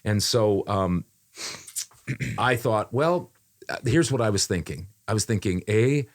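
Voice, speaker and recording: A man's voice: lowish voice, takes it slowly. A man who works as a voiceover artist talks through a recent job in a casual podcast chat, speaking conversationally, repeating phrases and often using fillers.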